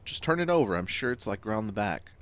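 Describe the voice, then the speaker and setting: A man's voice: fairly low pitch, sing-song, fast talker, a bit bright. Joking man doing game commentary. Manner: joking asides, playfully mocking the dialogue. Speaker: let's play gamer. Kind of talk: casual gameplay commentary.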